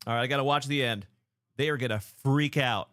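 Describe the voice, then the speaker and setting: A man in his thirties hosting a card-break livestream, chatting casually, excitedly shouting out viewers by name. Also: medium pitch, brisk.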